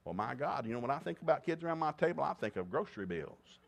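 A middle-aged man preaching a sermon, mixing scripture readings with joking asides and loud whoops of laughter. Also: medium pitch, very animated, quick pace, gravelly.

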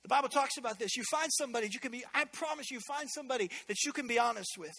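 A man preaching a sermon as pastor in a church, energetic and conversational, with joking asides. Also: extremely high pitch, rapid-fire.

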